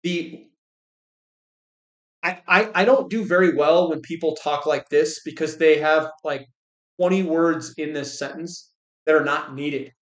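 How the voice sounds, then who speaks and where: A man's voice: fairly high pitch, measured pace, roomy sound. A man hosting a finance channel, giving blunt, exasperated casual commentary and often repeating words as he restarts sentences.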